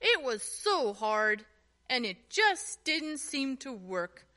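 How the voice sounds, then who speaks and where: A woman narrating a children's storybook in a slow, expressive way. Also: high voice.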